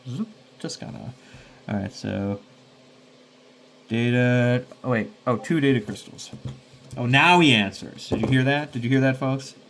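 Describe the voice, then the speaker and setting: A man's voice: mid-range voice, measured pace, pauses often, fairly bright tone, slight background noise. Rambling man thinking aloud. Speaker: solo game player and host. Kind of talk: casual solo tabletop play-through.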